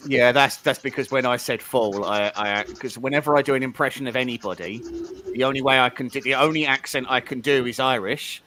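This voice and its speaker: A man's voice: mid-range voice, fairly quick, bright, forceful tone. A man with a southern English accent, co-hosting a casual online chat and often restarting his sentences. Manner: chatty, trips over his words when starting sentences. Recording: clicks and background noise.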